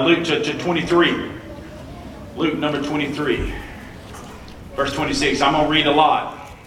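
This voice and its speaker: A young male preacher reading scripture aloud in a sermon, halting often with filler sounds. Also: fairly high pitch, bright, forceful tone, slight background noise. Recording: echoey room, mic at a distance.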